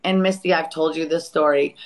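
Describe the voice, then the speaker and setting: A woman in her forties telling a painful personal story on a live chat, raw and profane, breaking into loud re-enacted outbursts. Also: low-pitched, steady tone, fairly quick, rough recording. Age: 40s.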